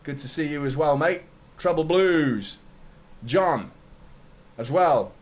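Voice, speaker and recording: A man's voice: fairly high pitch, lively intonation, slow pace. A man hosting a live football watchalong, chatting casually, greeting viewers by name and swearing now and then. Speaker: fan channel host.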